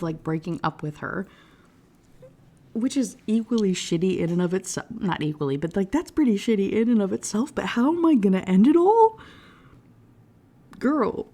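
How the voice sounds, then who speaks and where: Female book reviewer, casual sarcastic rant delivery, profane, warm and relaxed tone. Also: mid-range voice, normal speed. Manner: profane, animated, sarcastic retelling with quoted voices.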